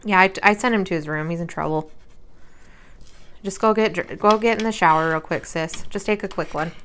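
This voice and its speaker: A woman's voice: on the low side, brisk, fairly bright tone, clean tone. A tired woman in her thirties chatting casually at home while she crafts, rambling with lots of fillers. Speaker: crafting vlogger and mother.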